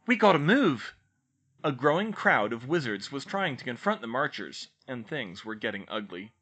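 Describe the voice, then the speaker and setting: A man reading fan fiction aloud as an expressive audiobook narrator. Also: medium pitch, moderate pace, breathy edge. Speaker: audiobook reader.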